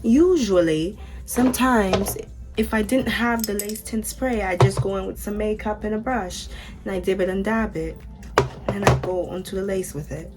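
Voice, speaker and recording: Talking over music, a young American woman unboxes a wig and tries it on, chatting away to her viewers and calling them "y'all." She has a medium-pitched voice and a moderate pace.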